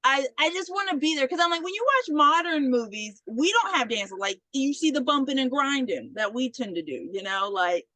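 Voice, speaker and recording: A woman's voice: high-pitched, brisk, hardly any pauses, no room sound, low-quality recording. A young woman co-hosting a podcast, retelling a movie in casual chat and acting out the characters' lines. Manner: animated retelling, acts out characters' lines, frequent "like". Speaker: podcast co-host.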